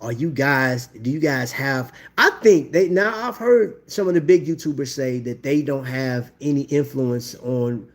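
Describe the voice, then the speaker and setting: A man's voice: mid-range voice, unhurried, few pauses. A man hosting a live stream at a collectors' event, chatting casually and calling people "bro" and "man.". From Indiana. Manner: laid-back, chatty, says "bro" and "man" a lot.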